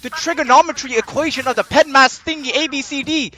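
A man streaming a shooter game, talking loudly and excitably, yelling at teammates and rambling crude jokes between rounds. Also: very high-pitched, brisk, slight background noise. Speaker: gaming streamer. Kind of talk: casual live gameplay commentary.

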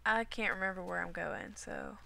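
Young woman, home gaming commentary, slow and rambly, bright fry-laced voice, post-illness cough. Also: on the low side, a little hiss or hum. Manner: rambling and chatty, talks to herself while playing. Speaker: gaming video creator. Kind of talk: casual Minecraft commentary.

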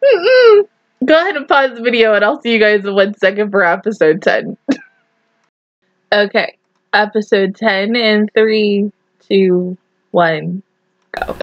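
A woman's voice: mid-range voice, a little slow, long pauses, no room sound, highs cut off. A young woman hosting an anime reaction video, rambling emotionally and swearing a lot in casual commentary.

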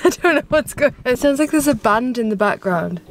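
Brief: young woman vlogger, slightly high voice, casual and sweary, pokes fun at herself. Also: expressive, brisk, soft background music. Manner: chatty, sweary, self-mocking. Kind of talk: casual vlog talk.

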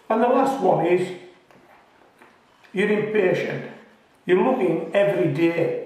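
British gardening guy chatting away, jokey and reassuring, bit high voice, sounds far off in a really echoey space. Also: expressive, slow pace, pauses often, a little mellow. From United Kingdom. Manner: chatty, joking, reassuring, laughs at himself; talks with his mouth full at times. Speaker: gardening channel host. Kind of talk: casual friendly how-to talk. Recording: very echoey, voice from a distance.

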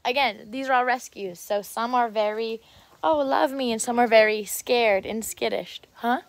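A woman's voice: on the high side, steady tone, normal speed. A woman livestreaming a casual walkthrough outdoors on a handheld phone, gushing and cooing sweetly at cats. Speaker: livestreaming vlogger. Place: outdoor animal sanctuary.

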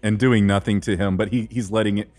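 A man's voice: fairly low pitch, fairly even intonation, fast talker, darkish tone, faint music behind. A man acting as game master, running a tabletop game in a laid-back, amused way.

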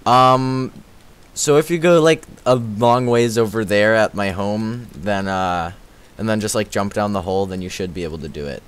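A man streaming a game live, chatting casually with a slightly raspy voice and thanking viewers as he plays. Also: on the low side, moderate pace, a little hiss or hum. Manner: chatty, thanks viewers, repeats filler words. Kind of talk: casual livestream commentary while playing.

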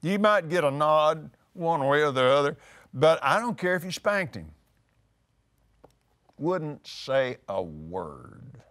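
An older man, teaching on a talk show, emphatic and animated, repeating words for force. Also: a little high, slow pace. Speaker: preacher. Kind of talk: conversational teaching.

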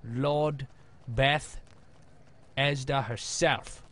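A man's voice: medium pitch, steady tone, drawn-out words, a bit bright. A young man commentating his gameplay in a jokey, rambling way with frequent exclamations. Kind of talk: let's play commentary.

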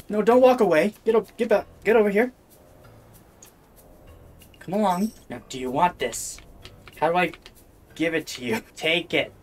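A VTuber streams a VR game from her home room, playing standing and casually commentating in a bossy, exasperated way. She is close to a desk microphone, and her lowish, slightly mellow voice moves at normal speed with frequent pauses. There is slight background noise.

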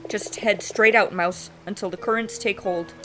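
A woman voicing a gruff old male rat sea captain in a video game, talking bluntly in a lowered voice, with game music behind. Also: fairly even intonation, normal speed, pushed and bright, close to an everyday voice. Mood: warning.

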